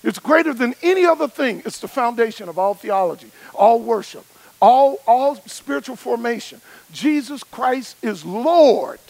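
A preacher with a strikingly high voice and a gravelly edge. He builds his points through emphatic, rhythmic repetition. The sound is dry and close to the mic. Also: lively intonation, normal speed, a little mellow, no echo, poor audio. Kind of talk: sermon.

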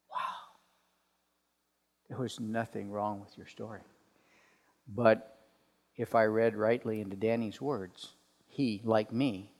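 A man delivering a sermon as pastor, telling stories with lively put-on voices and dropping to quiet asides. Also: lowish voice, slow pace, long pauses. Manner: animated storytelling, drops to quiet asides. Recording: long reverb of a large hall.

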